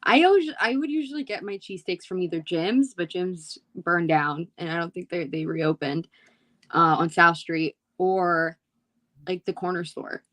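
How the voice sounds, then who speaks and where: A woman from Philadelphia chatting casually on a podcast, relaxed and laughing often. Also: fairly low pitch, moderate pace. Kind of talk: casual chat.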